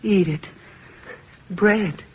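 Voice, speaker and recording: An actor playing a starving, delirious young man who pleads faintly and slowly, in 1940s radio acting. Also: sits high, slight background noise. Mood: desperate. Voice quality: breathy. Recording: muffled old radio broadcast.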